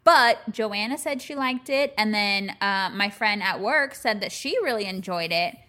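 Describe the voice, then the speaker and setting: A woman in her thirties co-hosting a casual podcast, animated and emotional, acting out quotes. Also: medium pitch, measured pace. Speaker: podcast co-host. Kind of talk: casual chat.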